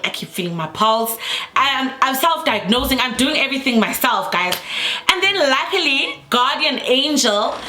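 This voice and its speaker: Young woman, South African accent, vlogger; bright tone, lively storytelling, roomy echo. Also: mid-range voice. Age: young adult. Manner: animated, repetitive, acts out her own panicked quotes. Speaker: YouTuber. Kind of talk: storytime vlog.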